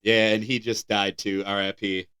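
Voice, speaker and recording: An American man co-hosting a podcast, reading news items aloud in a casual, animated way with laughs and stumbling restarts. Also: on the low side, moderate pace, smooth. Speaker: podcast co-host.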